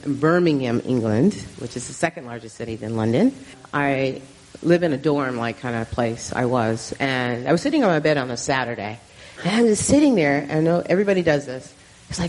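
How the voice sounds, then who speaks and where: A low-pitched woman speaks as a missionary sharing her testimony before a slideshow. She tells the story with animation and acts out the voices of the people in it, in a warm, informal way. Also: poor audio. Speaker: missionary giving a slideshow talk.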